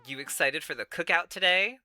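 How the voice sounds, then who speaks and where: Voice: mid-range voice, a little fast, sharp tone, faint music behind. A streamer voicing a teasing, bossy teenage daughter. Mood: curious. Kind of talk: reading a dating game aloud.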